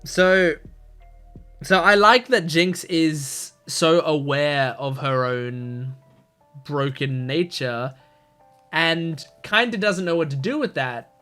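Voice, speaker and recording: A man with a fairly high voice thinks aloud through a casual reaction commentary, full of "um"s, "like"s and restarts. Soft music plays faintly behind him. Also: slow pace, smooth. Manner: rambling, filler-heavy, thinking aloud. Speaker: reaction video host.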